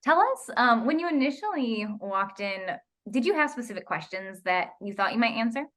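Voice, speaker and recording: Upbeat woman interviewer, higher voice. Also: very animated, a bit bright. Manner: upbeat, measured questions with brief encouraging murmurs. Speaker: blog editor, interviewer. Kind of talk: interview questions.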